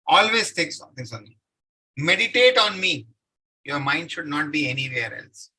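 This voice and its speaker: Man, scripture lecture, very bright tense voice, husky edge, recites verses then explains. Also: a little high, lively intonation, moderate pace, rough recording. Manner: asks the listeners rhetorical questions and answers them. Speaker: scripture class speaker.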